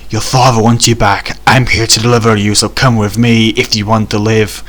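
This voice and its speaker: A man voicing a cocky, macho male action hero who delivers deadpan one-liners in mock tough-guy accents. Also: medium pitch, normal speed, close to an everyday voice.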